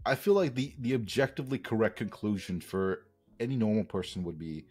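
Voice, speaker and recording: A man's voice: lowish voice, lively intonation, fairly quick, darkish tone, soft background music. A man co-hosting a podcast in casual chat, ranting heatedly with lots of swearing. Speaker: podcast co-host.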